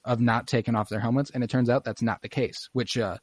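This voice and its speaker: A man hosting a podcast over a video call, recapping an episode in excited casual chat, with plenty of fillers and swearing. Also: mid-range voice, quick pace, husky. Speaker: podcast host.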